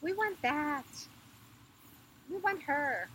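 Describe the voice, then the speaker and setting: A woman voicing a chorus of tiny underworld creatures who answer in high, insistent, clipped phrases. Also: lively intonation, drawn-out words, fairly bright tone, a little hiss or hum, heavily acted, low-quality recording.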